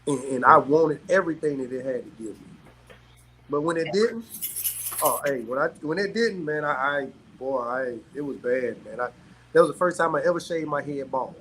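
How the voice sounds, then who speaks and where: A middle-aged man from South Carolina, telling stories as a guest in casual chat, animated and quick to laugh. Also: medium pitch, slight background noise, low-quality recording. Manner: animated, laughs often, peppers talk with "man". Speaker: guest, former pro athlete. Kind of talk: casual storytelling.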